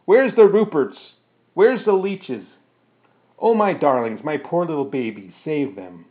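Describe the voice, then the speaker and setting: A fussy army surgeon frets over his precious leeches, as a man reading a story puts him on, his voice jumping up high as he cries after them. It comes through a narrow, phone-like line. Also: expressive, a little slow. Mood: fretting. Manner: fussy, fretting, rising to a high cry.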